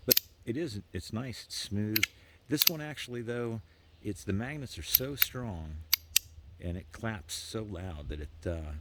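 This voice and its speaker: A middle-aged man casually reviewing gadgets in a rambling, relaxed way, with many fillers. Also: low-pitched, heavy background noise. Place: indoors near a window.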